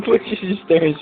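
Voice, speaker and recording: A man, a father, chatting and giggling over his baby on a home video, teasing and animated. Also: sits high. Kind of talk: casual home video chat. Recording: tinny lo-fi home video with faint music.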